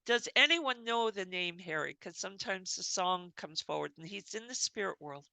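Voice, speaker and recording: A woman medium relaying spirit messages to an audience, talking in halting phrases with many restarts. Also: mid-range voice, expressive, creaky, bright, forceful tone, dry recording. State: tearful at times.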